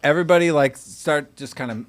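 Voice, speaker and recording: A man's voice: fairly high pitch, brisk. An American man co-hosting a podcast, telling stories in casual banter and acting out the people he quotes. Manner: animated storyteller, acts out quotes. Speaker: podcast co-host.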